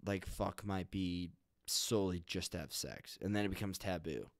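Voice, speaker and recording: A young man with a very low voice hosts a podcast in a laid-back, blunt, casual way, swearing freely as he talks. The sound is close and dry with no room around it. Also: normal speed, dry recording. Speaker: podcast host. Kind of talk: casual chat.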